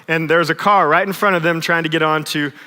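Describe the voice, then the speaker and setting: A man's voice: fairly high pitch, steady tone, a little fast, bright, forceful tone. A pastor in his thirties telling a personal story in a conversational, self-deprecating sermon. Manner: conversational, self-deprecating, tags lines with "right?". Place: church sanctuary. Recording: long church reverb.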